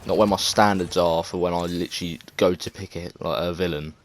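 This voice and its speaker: Deep-voiced English man, rambling gamer talk. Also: steady tone, brisk, slight background noise. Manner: rambling, hesitant, lots of fillers and swearing. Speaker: gaming video creator. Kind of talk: casual gameplay commentary.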